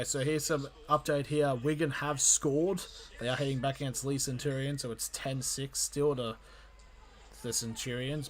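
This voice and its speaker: A man calling a rugby league match live for his stream, in an amateur play-by-play style that jumps in excitement and often stumbles and corrects himself. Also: mid-range voice. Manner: excitable, frequent restarts and self-corrections.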